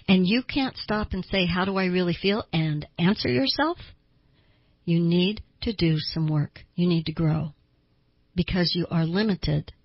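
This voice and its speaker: Low, gravelly woman giving emphatic advice. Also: dry recording, dull audio. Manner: emphatic, repeats words for stress. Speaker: self-help talk show host. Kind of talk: advice talk to listeners.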